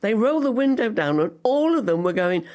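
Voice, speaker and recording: An older woman, a guest actress on a podcast, telling animated stories with frequent laughter. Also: medium pitch, brisk. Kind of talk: podcast interview.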